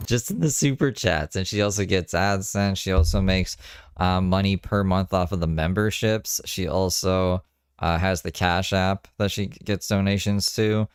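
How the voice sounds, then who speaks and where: A man talks over a livestream in a loose, gossipy way, swearing freely and firing off quick asides. His voice sits low and sounds smooth and resonant. The recording is dry and close, with no room sound. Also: no echo. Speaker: commentary host. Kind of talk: casual commentary over a livestream.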